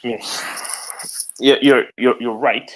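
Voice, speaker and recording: A man's voice: mid-range voice, steady tone, takes it slowly, a bit bright, low-quality recording. A man hosting a live audio discussion, talking casually in rambling bursts with many restarts. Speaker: host of a live audio space.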